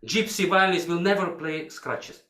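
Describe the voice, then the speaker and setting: A man's voice: sits high, normal speed, bright, forceful tone. An older man with a coaching a violinist in a masterclass, singing phrases to demonstrate, in broken English. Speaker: violin teacher. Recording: echoey hall. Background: violin playing.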